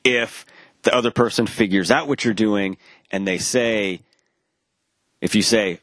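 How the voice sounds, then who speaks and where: A man with a lowish voice spins a rambling anecdote in casual chat. He acts out the voices of the people in his story, stumbling over restarts and dropping the occasional curse. The sound is dry and close, with no room around it. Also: a little slow, long pauses, no room sound. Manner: animated, acts out quoted dialogue; rambling with frequent restarts and profanity.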